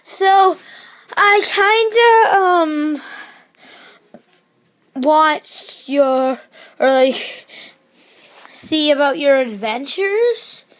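A woman telling a plush toy story in a rambling, excitable way, full of fillers and sudden shrieks. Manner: excitable, breaks into shrill screams.

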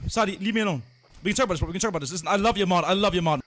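A man streaming a horror game live, jumpy and loud, swearing at every scare and chatting with his viewers. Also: high voice, lively intonation, very fast. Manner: reads donations and chats to viewers. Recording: noisy background.

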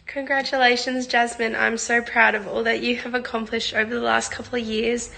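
A woman's voice: fairly high pitch, flat delivery, brisk, creaky. A woman sending an affectionate video message.

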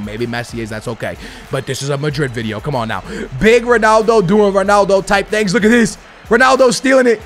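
A young man giving casual, hyped gameplay commentary as a gaming creator, shouting when goals go in. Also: high voice. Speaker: gaming YouTuber.

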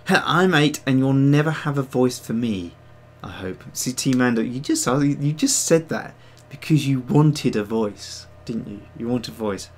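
A man hosts a casual livestream with a middle-pitched voice. He rambles and pokes fun at himself, reading out viewers' messages as they come in. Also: expressive, unhurried, hardly any pauses. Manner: rambling, self-mocking, reads chat aloud. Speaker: host of a digital sculpting stream.

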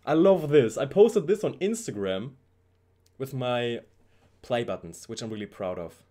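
A young man, excitedly unboxing fan mail at his home PC setup and gushing about every item. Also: medium pitch, a little slow. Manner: excitable, gushing, says "bro" often. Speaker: YouTuber.

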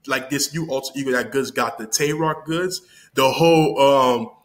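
A man casually recapping a battle, animated and laughing as he quotes lines. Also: mid-range voice, normal speed. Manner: animated, laughing, quoting lines with mock voices. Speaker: battle rap reviewer.

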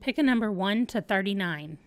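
A woman's voice: mid-range voice, expressive, a little fast, no room sound. A woman hosting a let's play, chatting casually and thinking aloud as she plays. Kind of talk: casual gameplay commentary.

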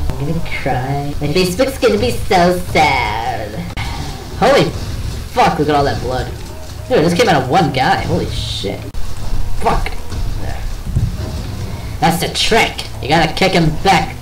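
A man's voice: fairly high pitch, big pitch swings, a little slow, roomy sound, distant mic, background noise. A man giving let's play commentary, cursing and groaning frantically while he plays. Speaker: gameplay commentator.

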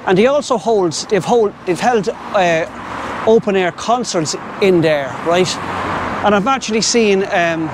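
Strolling along a city riverside path, a middle-aged man from Ireland rambles chattily to his viewers and the birds through a wireless clip-on mic. He speaks at a measured pace in a voice that sits high, with noise in the background.

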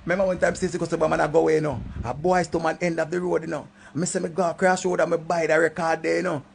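A middle-aged man with a Jamaican accent, telling a rambling comic story in a voice that swings from low mutters to loud outbursts. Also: level tone, quick pace, vocal fry, a little hiss or hum. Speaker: comedic storyteller.

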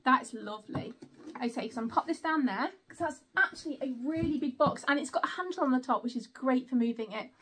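A woman's voice: high-pitched, fairly quick, fairly bright tone, breathy edge. A woman, chatting through an unboxing and exclaiming often. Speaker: vlogger. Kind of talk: casual unboxing chat.

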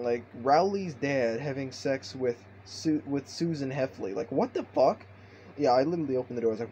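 A man's voice: medium pitch, expressive, brisk, warm tone, highs cut off, a little hiss or hum. A man telling a story in a vlog, rambling and swearing constantly. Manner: profane, rambling.

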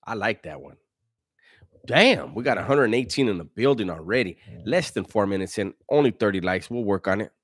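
A man's voice: fairly low pitch, animated, fairly quick, breathy edge, no echo, clean studio sound. A man hosting a casual live stream, reading viewer comments aloud in a laid-back, slangy way and chuckling often.

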